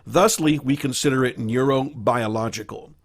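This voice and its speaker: Man, teacher, staff training lecture, measured explanatory delivery, mid-pitched. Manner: measured, explanatory, with occasional fillers. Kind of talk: recorded slideshow lecture.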